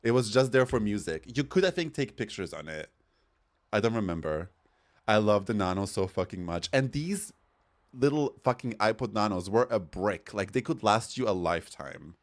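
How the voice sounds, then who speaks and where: Chatty campy man, a bit low. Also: normal speed. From Europe. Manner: chatty, campy, animated storytelling with swearing. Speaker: streamer. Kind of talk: casual chat while gaming.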